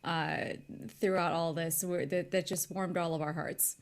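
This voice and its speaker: A woman's voice: fairly low pitch, steady tone, unhurried. A woman playing a tabletop game, talking hesitantly with many fillers and giggles. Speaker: player. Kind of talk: casual tabletop role-play.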